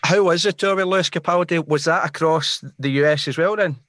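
A man's voice: fairly high pitch, fairly quick, a bit bright, no room sound, clean studio sound. A Scottish man hosting a live podcast, asking questions in an enthusiastic, chatty way. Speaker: podcast host.

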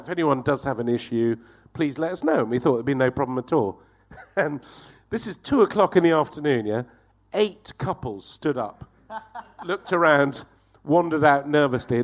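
Lively man telling stories. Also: fairly high pitch. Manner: animated, laughing, swearing. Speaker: guest comedian. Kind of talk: storytelling anecdote.

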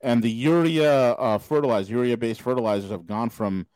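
A man's voice: mid-range voice, darkish tone, no room sound, rough recording. A male podcast host talking casually in an interview, emphatic and scornful in his remarks. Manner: emphatic, scornful, quick agreement.

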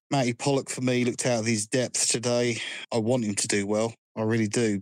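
A man's voice: lowish voice, no room sound, rough recording. A man calling in as a football fan, friendly and teasing, downbeat about the game. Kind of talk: casual chat.

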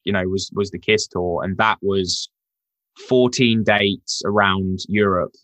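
A man with a fairly low voice tells road stories in a casual interview. He swears freely and acts out what others said. The sound is dry and close. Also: a little slow, no echo. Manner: animated storyteller, swears freely, acts out quotes. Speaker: touring rock drummer, guest.

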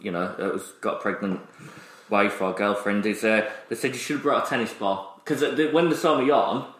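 A man's voice: fairly low pitch, normal speed, fairly bright tone. A man chatting casually as a podcast co-host, rambling through a story with restarts and laughs. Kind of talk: casual chat. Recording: roomy echoey room.

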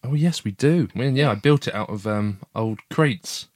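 A man's voice: mid-range voice, normal speed, no echo, studio quality. A man hosting a casual family podcast from a garden shed office, chatty and encouraging as he prompts his young daughter. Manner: chatty, encouraging, gently teasing. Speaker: podcast host, father.

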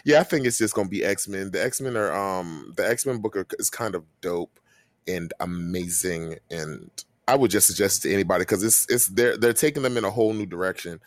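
A man's voice: low-pitched, fairly quick, dry recording. A man co-hosting a podcast, chatting casually about comics in a rambling way full of fillers and restarts. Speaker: podcast co-host.

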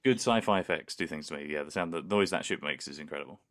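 Deep-voiced man co-host, chatty and keen. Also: fast, a bit bright. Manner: enthusiastic, conversational, hedging. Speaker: podcast co-host. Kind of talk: casual chat.

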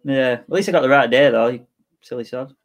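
Fast-talking co-host. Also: male voice, medium pitch. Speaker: podcast co-host. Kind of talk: casual football podcast chat.

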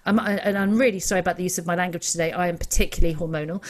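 A woman's voice: lowish voice, steady tone, rapid-fire. Woman in her middle years chatting, swears a lot, laughs at herself. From England. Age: middle-aged. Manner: chatty, self-mocking, swears freely, laughs often. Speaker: podcast guest. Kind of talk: casual chat.

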